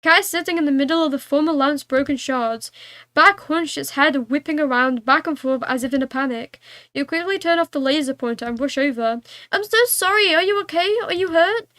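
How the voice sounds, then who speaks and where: A woman's voice: high-pitched, a little fast, fairly bright tone, no echo. A young woman streaming a game, reading its text aloud and chatting, playful and giggly with cat-like meows.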